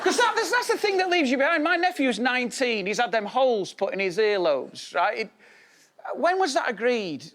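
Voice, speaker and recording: A man's voice: very high-pitched, very animated, moderate pace, heavy background noise. A man in his forties doing a stand-up set on a comedy show, with wry, self-mocking observational jokes. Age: 40s.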